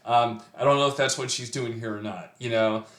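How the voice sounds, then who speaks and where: A man's voice: mid-range voice, fairly even intonation, a little fast, fairly bright tone, echoey room. A middle-aged man talking through a poem's meter and rhyme in a loose, thinking-aloud way, full of fillers and restarts. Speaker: poetry teacher. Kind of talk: casual poetry analysis.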